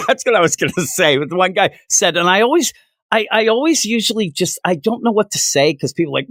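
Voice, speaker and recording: Fast-talking and recorded in a clean studio without room sound, he's a Minnesota co-host of a comic book podcast. In this casual review chat he tells animated stories, playing the people in them with high voices.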